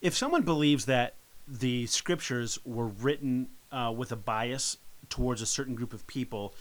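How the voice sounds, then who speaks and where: Man, mid-pitched, casual co-host of a Bible podcast who restarts sentences as he goes. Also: normal speed. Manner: conversational, with frequent restarts.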